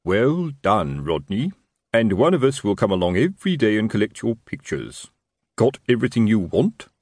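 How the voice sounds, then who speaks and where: A man's voice: lowish voice, sing-song, moderate pace, darkish tone, no echo, studio quality. A man doing a pompous old-school watch sergeant. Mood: self-important. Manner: expansive, self-important, working-class. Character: pompous middle-aged city watch sergeant.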